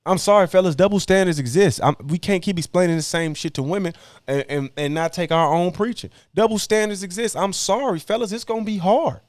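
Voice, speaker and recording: A man's voice: high-pitched, a little fast, hardly any pauses, no room sound, clean studio sound. A young man hosting a podcast, talking bluntly in slang and preaching hard-work advice to other men. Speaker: podcast host. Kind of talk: casual podcast debate, preachy monologue.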